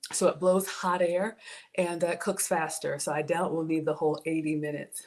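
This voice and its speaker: Her voice is deep and level, moving at a moderate pace, as this Southern US woman runs a laid-back cooking stream. She talks with viewers, offers frequent thanks, and tends to let sentences trail away and begin them again.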